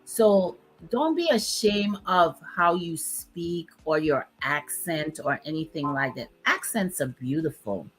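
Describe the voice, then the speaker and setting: Slow-speaking woman, low voice. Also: animated, rough recording. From Dominica. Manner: reflective, emphatic, speaks in short phrases. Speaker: host. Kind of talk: casual chat.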